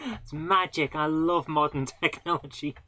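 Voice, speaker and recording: A woman's voice: deep voice, measured pace, pushed and bright, slight background noise. A woman hosting a live gaming stream, chatting casually and laughing at her own mistakes as she plays. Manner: chatty, self-mocking, laughs often. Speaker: live-streaming game host. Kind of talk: casual live gameplay commentary.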